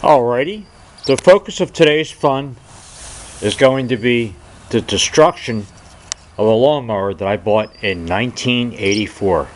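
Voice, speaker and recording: A middle-aged man talks in a folksy, jokey way while hosting a casual video outside. His pitch swings up and down a lot as he talks. Steady wind noise rushes over the camera mic in an open rural yard. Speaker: video host. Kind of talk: casual outdoor vlog. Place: outdoors in a windy rural yard.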